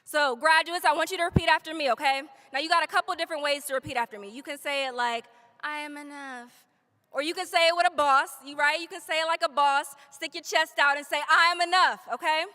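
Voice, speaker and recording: A woman's voice: high voice, steady tone, fast talker, sharp tone. A woman giving a motivational commencement speech, leading the graduates in call-and-response affirmations and mixing in playful, casual asides to the crowd. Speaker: commencement speaker. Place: large graduation ceremony hall. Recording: long reverb of a large hall.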